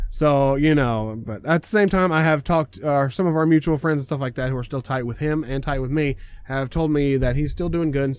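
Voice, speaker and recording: A man hosting a reaction video, chatting casually in an excitable, rambling way and laughing often. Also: fairly high pitch.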